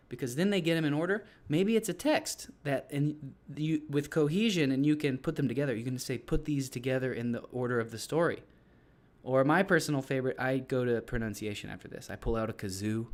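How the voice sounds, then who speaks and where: A male English teacher with a mid-range voice casually walks other teachers through his classroom activities. He rambles loosely and restarts often.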